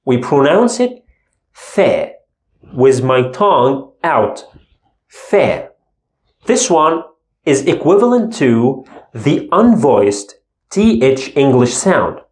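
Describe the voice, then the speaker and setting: A man teaching the alphabet in a language lesson, slowly demonstrating throaty letter sounds. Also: medium pitch, big pitch swings, reverberant. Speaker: Arabic teacher.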